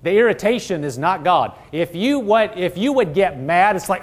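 Male preacher, high voice, earnest conversational teaching, heavy on rhetorical questions. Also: animated, fairly quick, hardly any pauses.

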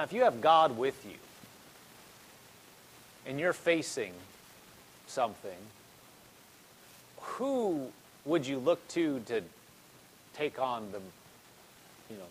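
A man's voice: mid-range voice, husky, low-quality recording. A man preaching a sermon in a conversational way, repeating phrases and building in intensity.

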